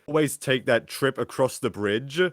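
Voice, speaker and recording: A man's voice: medium pitch, moderate pace, no room sound, clean studio sound. A man, a podcast co-host telling a story in casual chat, rambling and full of filler words. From Australia.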